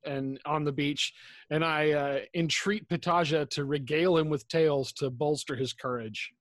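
A man as a player in a tabletop game, calmly describing what his character does. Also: a little high, normal speed, no room sound, studio quality. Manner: relaxed, stating actions.

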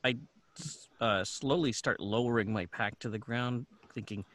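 A man's voice: mid-range voice, a little slow, fairly bright tone. A man playing a tabletop role-playing game, describing his character's actions in a wry, casual way. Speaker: player.

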